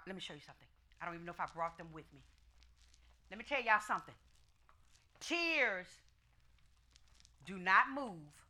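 A woman's voice: medium pitch, bright, forceful tone. A woman pastor preaching a fervent, emphatic sermon with folksy, conversational asides to her congregation.

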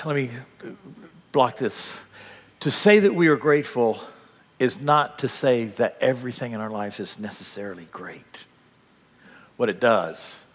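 Lively older male preacher in a hall. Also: mid-range voice. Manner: animated storytelling, swinging between loud and hushed. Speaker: pastor. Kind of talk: sermon. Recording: long hall reverb.

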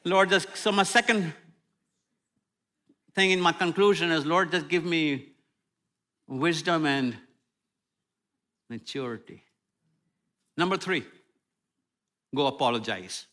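A middle-aged man preaching a sermon with humor, swinging from loud outbursts to near-whispers. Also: a little high, slow pace, pauses often. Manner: animated, humorous preaching with sudden loud and soft turns. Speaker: pastor.

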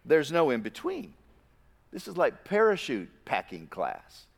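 A man delivering a sermon, his somewhat high voice leaping up and down in pitch as he drives home each point. He alternates forceful emphasis with hushed, low asides. The sound carries the long reverb of a large hall. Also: huge pitch swings, measured pace, vocal fry. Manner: emphatic preaching, swings between loud stresses and quiet low asides. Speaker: pastor.

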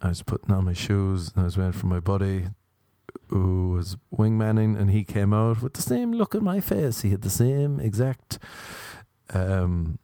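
A man's voice: on the low side, sing-song, normal speed, dark tone, dry recording, clean studio sound. A young Irish man hosting a podcast, telling a rambling, self-deprecating comic story. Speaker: podcast host.

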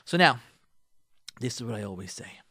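A man's voice: medium pitch, animated, normal speed, vocal fry, sharp tone, slightly rough, no echo, clean studio sound. A man hosting a radio advice talk. He speaks emphatically, repeats his key points, speaks straight to his listeners and drops in Hebrew and Yiddish religious words. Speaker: radio host giving marriage advice.

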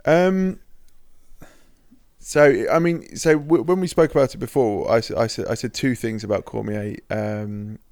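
A young man co-hosting a podcast in casual chat, chatty and sweary with quick interjections. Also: mid-range voice, darkish tone, no echo, studio quality. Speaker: podcast co-host.

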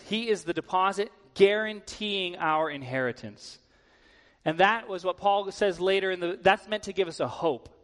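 A man giving a sermon as a guest preacher in a church, talking in a conversational way with casual filler words. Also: sits high. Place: church sanctuary. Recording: long hall reverb.

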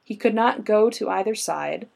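A woman's voice: mid-range voice, moderate pace, creaky, darkish tone. A woman chatting casually with friends and reading a folklore account aloud dramatically, often breaking into laughter.

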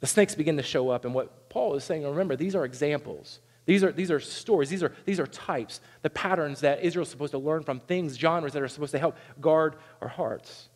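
A man with a high voice delivers an animated sermon, now and then acting out the people he quotes. His voice carries a long reverb, as if it were recorded in a large church hall. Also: brisk, hardly any pauses. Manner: animated preaching, acts out quoted complaints in a raised voice. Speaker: pastor.

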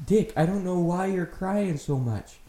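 A man, host of the show, playing a confused, rambling neighbor who keeps trying to calm someone down in an improvised comedy scene. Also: high voice, measured pace. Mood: placating. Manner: folksy, rambling, placating. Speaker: podcast host. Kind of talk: improvised comedy role-play. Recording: echoey room.

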